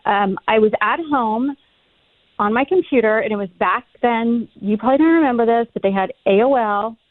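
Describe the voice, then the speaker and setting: A middle-aged woman chats as a podcast guest, telling stories with lively energy and cursing freely. Her voice sits a little high and comes over a thin, phone-like line. The sound is dry, with no room around it. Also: moderate pace, dry recording. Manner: animated, swears freely, acts out her own past lines. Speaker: podcast guest, reality TV cast member. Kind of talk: casual storytelling chat.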